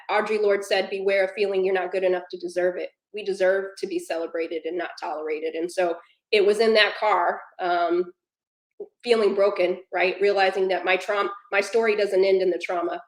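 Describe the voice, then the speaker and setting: A woman speaking on a panel, earnest and personal, her voice held to a narrow, steady pitch as she builds toward emphatic lines. The sound is echoey, as in a reverberant room. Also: moderate pace.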